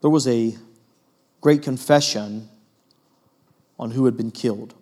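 Earnest in tone, the medium-voiced pastor preaches a little slowly, swinging from emphatic moments to quiet ones and leaning often on fillers.

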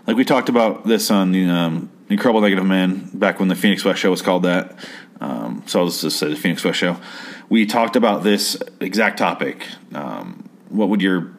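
A man in his thirties casually recapping a TV episode, rambling and crude, acting out the characters' lines. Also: fairly low pitch. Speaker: show recapper.

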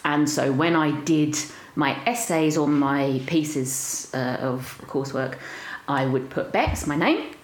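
A woman with a South London accent chats as a podcast guest. Her voice sits low, and she trades playful banter with frequent laughter. The recording sounds echoey, with a faint hiss behind her. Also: takes it slowly. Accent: South London English. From South London, England. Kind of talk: casual chat.

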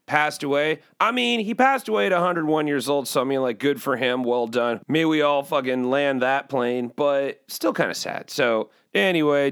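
Rambling joking man, lively pitch. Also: clean tone. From Chicago. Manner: joking, self-interrupting, trails off. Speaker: host. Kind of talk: rambling casual monologue.

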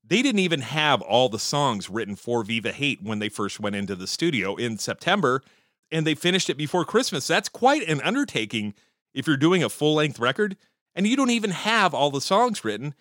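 Animated, swearing man ranting about music. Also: moderate pace, no echo, studio quality. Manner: profane, opinionated and animated, with frequent swearing; pitch jumps high when excited. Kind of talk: casual music-history monologue.

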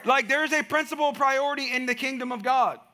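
Male pastor, high bright voice, animated preaching with a storytelling flair. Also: fairly quick. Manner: animated storytelling with rising emphatic climaxes. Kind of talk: sermon.

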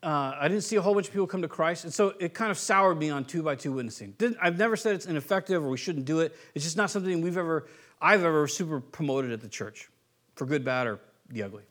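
A man's voice: a little high, lively intonation, fast talker, fairly bright tone. A man from California preaching a sermon in a conversational, joking way, now and then acting out the voices of the people in his stories. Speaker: pastor.

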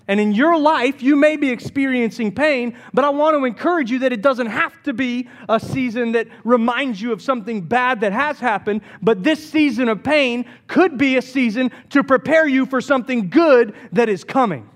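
High-voiced animated male pastor. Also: moderate pace, hardly any pauses. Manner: animated storytelling with jokes. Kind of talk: sermon.

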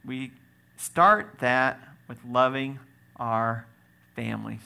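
A man preaching a sermon as pastor, swinging from loud exclaims to quiet asides, with joking moments. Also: medium pitch, measured pace, creaky.

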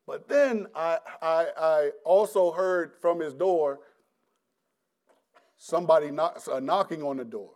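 Man, middle-aged, preacher, testimony sermon, fairly high voice, animated, stop-and-start delivery, laughs often. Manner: animated storyteller who acts out his past self, often laughing; halting, with frequent restarts and repeated words.

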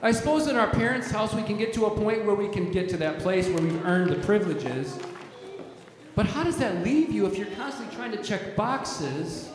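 A man's voice: sits high, expressive, moderate pace, noisy background. A man preaching a sermon as pastor, emphatic and repetitive, often restarting his words. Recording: echoey hall, strong reverb.

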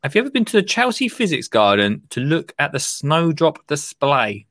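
A man's voice: on the high side, wildly swooping pitch, moderate pace, fairly bright tone. A man hosting a casual podcast chat, rambling and chummy, laughing easily. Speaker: podcast host.

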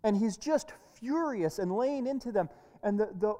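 Brief: earnest woman preacher with a warm, relaxed tone, given to restarts, heard in a reverberant hall. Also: mid-range voice, normal speed. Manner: earnest, with frequent word repeats and restarts. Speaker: pastor. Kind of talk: sermon.

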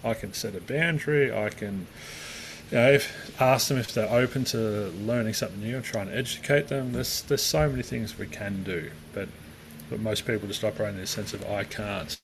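A man co-hosting a podcast in casual chat, animated and swearing, acting out the voices he quotes. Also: fairly low pitch, brisk, slight background noise, rough recording. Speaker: podcast co-host.

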